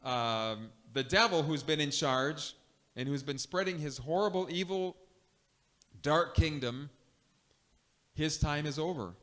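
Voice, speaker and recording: A man, a missionary preacher, giving an animated sermon that switches between two languages in a church. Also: fairly high pitch, a little slow, long pauses. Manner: animated storytelling. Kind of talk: bilingual sermon.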